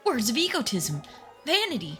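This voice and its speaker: Woman doing a sneering old villager man, accusing, hoarse, lively pitch. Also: moderate pace, faint music behind, full character voice. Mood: scornful. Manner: scornful and accusing.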